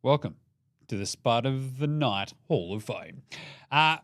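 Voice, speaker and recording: A man's voice: mid-range voice, animated, a little slow, fairly bright tone, no room sound, clean studio sound. A young Australian man hosting a casual basketball podcast, irreverent and sweary, joking through the day's results. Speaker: NBA podcast host. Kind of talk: casual sports commentary.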